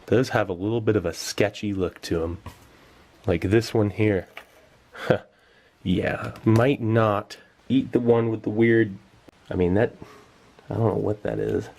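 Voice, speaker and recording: A man's voice: lowish voice, fairly even intonation, measured pace, creaky, long pauses, darkish tone. A man giving casual, enthusiastic commentary while tasting old rations, sometimes talking with his mouth full. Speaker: food tasting vlogger.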